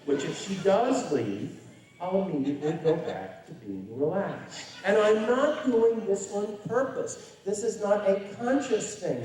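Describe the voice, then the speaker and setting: Speaking to an audience of parents in a public lecture, this man tells stories in a wry, conversational manner, leaning hard on certain words. His voice sits a little high and has a warm tone. He is far from the microphone, and the hall around him is very echoey.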